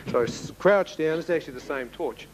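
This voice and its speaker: Man telling a testimony, higher-pitched. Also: a little fast, crowd noise, rough recording. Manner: animated storyteller acting out dialogue, with chuckles. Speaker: speaker giving a personal testimony. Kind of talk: spoken testimony to an audience.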